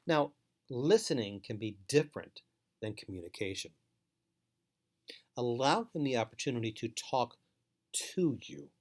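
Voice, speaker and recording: Male trainer, mid-pitched, measured and emphatic, repeats advice for parents. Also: animated. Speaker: foster care trainer. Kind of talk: instructional talk to parents.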